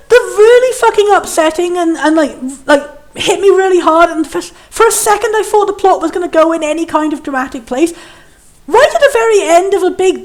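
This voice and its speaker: A game reviewer, a woman with a high voice, gives a loose, meandering spoken critique of a game. She's sarcastic, laughs a lot, and slips into quick character voices.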